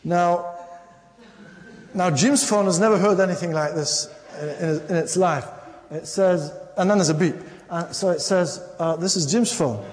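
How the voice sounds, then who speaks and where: A man's voice: sits high, unhurried. A man giving a public lecture in a wry storytelling manner, repeating himself to stress points. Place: lecture hall. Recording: long reverb of a lecture hall.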